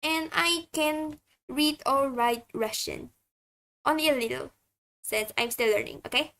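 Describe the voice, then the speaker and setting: High, slow-talking woman. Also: gravelly, a bit bright. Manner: halting, chatty. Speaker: streamer. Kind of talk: casual stream self-introduction.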